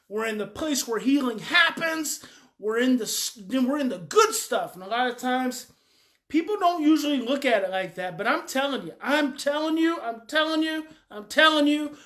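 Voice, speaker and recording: A woman's voice: sits high, fairly bright tone. A woman coach giving a frank, emphatic daily talk, repeating her key points and swearing a little. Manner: emphatic and repetitive. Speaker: parenting coach.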